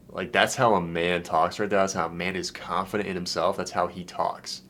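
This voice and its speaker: A young man, a dating coach, talking casually to camera in an excited, slangy way, swearing and saying "dude" a lot. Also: low-pitched, brisk, hardly any pauses. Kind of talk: casual vlog, reacting to a client's messages.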